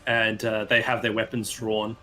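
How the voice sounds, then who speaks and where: A man's voice: on the low side, monotone, sharp tone, faint music behind, rough recording. A man narrating a tabletop game as game master, hesitant and full of restarts. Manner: hesitant, with restarts and drawn-out pauses.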